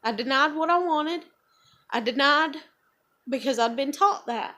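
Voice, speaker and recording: Woman, high voice, confessional vlogger, raw and rambling. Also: measured pace, bright, forceful tone. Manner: emotional, rambling, many fillers. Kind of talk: confessional vlog monologue.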